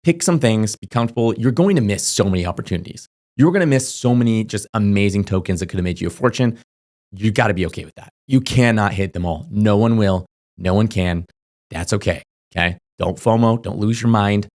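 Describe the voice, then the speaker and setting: A young man talking casually to camera, giving crypto advice in a rapid, emphatic way, full of fillers and checking in with "okay?". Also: fairly low pitch, a little mellow. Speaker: crypto YouTuber.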